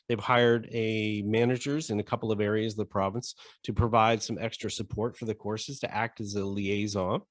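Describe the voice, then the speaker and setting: A man's voice: on the low side, dry recording, studio quality. A man from Eastern Ontario co-hosting a casual golf podcast, explaining the news in an easygoing, informed way. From Eastern Ontario, Canada. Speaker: podcast co-host.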